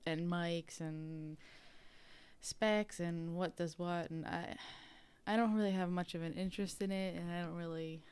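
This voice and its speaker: A woman's voice: lowish voice, fairly even intonation, unhurried, a little mellow, clear, resonant tone. Giggly woman podcast co-host. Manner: giggly, rambling, self-deprecating. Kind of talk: casual chat.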